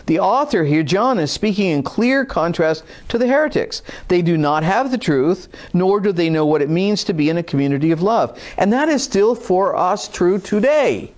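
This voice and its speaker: High-voiced man teaching a Bible lesson. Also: animated, moderate pace, few pauses. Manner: informal, emphatic, repeats for stress; acts out a whiny skeptic voice at times.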